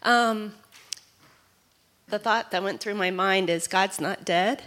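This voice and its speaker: A woman's voice: medium pitch, slow, fairly bright tone. Chatty woman sharing at church. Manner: chatty, rambling. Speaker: congregation member.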